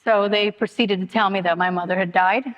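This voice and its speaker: A woman's voice: mid-range voice, steady tone, fairly quick, muffled recording. A middle-aged woman giving a personal testimony at a recovery meeting, telling her story in an earnest, repetitive, emotionally open way. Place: meeting hall. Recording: long hall reverb.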